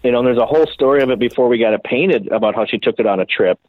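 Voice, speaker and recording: Speaking very fast in a medium-pitched voice, this Minneapolis-area custom bike builder is interviewed and tells stories casually, with profanity and self-deprecation. The audio is dry and sounds like a phone.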